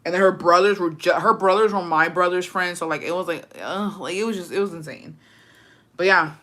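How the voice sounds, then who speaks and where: A young woman hosting a livestream tells a story in a casual storytime rant, blunt, profane, and animated, slipping Spanish phrases into her English. Her voice is lowish and her pace brisk.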